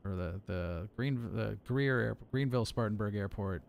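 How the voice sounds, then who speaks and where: Man, late thirties, casual stream chat, gravelly, low-pitched, self-mocking. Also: fairly even intonation, fairly quick, few pauses, darkish tone. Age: 30s. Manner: chatty, explains with repeated examples, self-mocking. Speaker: streamer and air traffic controller.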